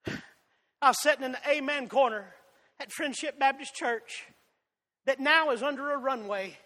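A man with a Southern drawl from Georgia, preaching a fiery sermon that swings between loud shouts and soft asides. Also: extremely high pitch, a little slow. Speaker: pastor. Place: church sanctuary. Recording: long hall reverb.

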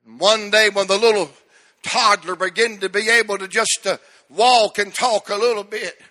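High, bright-voiced preacher. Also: male voice, steady tone, normal speed. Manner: fervent preaching, swinging from shouts to hushed lines. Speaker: pastor. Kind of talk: sermon.

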